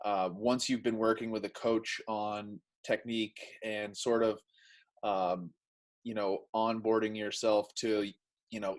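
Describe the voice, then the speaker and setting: A man chatting casually as he explains and demonstrates arm training drills, with relaxed everyday examples. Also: lowish voice, rough recording. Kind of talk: casual instructional chat.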